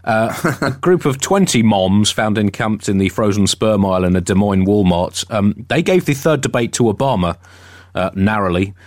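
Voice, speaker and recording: A man co-hosting a satirical comedy podcast, riffing absurd ideas in a deadpan way. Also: on the low side, moderate pace, no echo, studio quality. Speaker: co-host.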